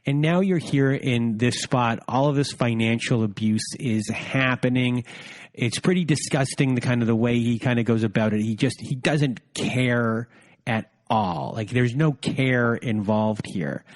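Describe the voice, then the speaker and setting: A man's voice: mid-range voice, measured pace. A man hosting a podcast, summarizing reflectively and searching for words before asking questions. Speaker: podcast host. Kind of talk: interview questions.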